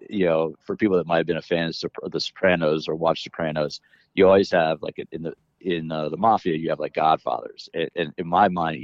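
A man's voice: rumbling low, dry recording, highs cut off. A middle-aged man talking as an interview guest, rambling with many restarts as he explains his work in fitness education. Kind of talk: casual interview conversation.

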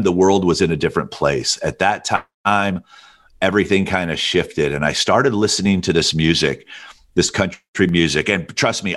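A middle-aged man from Alabama with a rich, deep voice, telling stories as an interview guest. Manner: relaxed storyteller with a deep radio-style voice. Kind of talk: storytelling interview.

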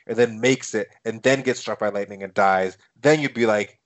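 A man's voice: mid-range voice, fairly even intonation, a little fast, few pauses, a bit bright. A man co-hosting a podcast, chatting casually and musing with puzzled questions about a film. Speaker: podcast co-host.

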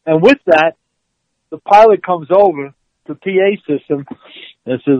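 Older male guest and storyteller, animated, acts out the quotes, dull and dry audio. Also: on the high side, unhurried, pauses often, no echo. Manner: excitable, acts out quotes, laughs mid-story. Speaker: former football player, guest.

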